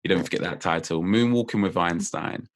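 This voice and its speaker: Speaking fairly quickly in a low voice, a memory coach appears as a podcast guest. He walks through memory techniques casually, playful and animated, with frequent laughter.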